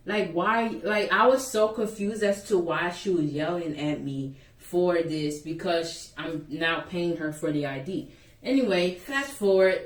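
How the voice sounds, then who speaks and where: A young woman vlogger animatedly retelling a school story in a casual, exasperated way. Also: on the low side. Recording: echoey room, voice a bit far from mic.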